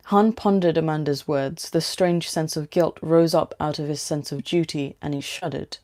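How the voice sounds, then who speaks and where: A woman reading a story aloud at a steady, unhurried pace. Her voice is mellow and a touch low for a woman, relaxed rather than bright.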